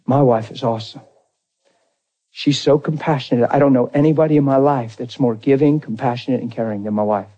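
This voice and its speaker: A man preaching a personal testimony, acting out the dialogue, swinging from near shouts to hushed tones. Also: mid-range voice, slightly rough. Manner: acts out dialogue in his story. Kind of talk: testimony sermon.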